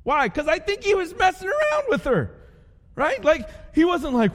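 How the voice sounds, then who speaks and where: A man's voice: very high voice, normal speed. A man preaching a sermon as pastor, telling stories with playful voices for the people in them. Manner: animated storytelling with playful character voices. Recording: long hall reverb.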